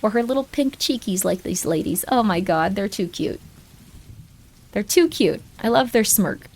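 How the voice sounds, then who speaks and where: A woman's voice: medium pitch, animated, normal speed, darkish tone. A woman streamer chatting casually in a rambling, joking way, often cutting herself off mid-thought. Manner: rambling, joking, self-interrupting. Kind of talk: casual live-stream chat.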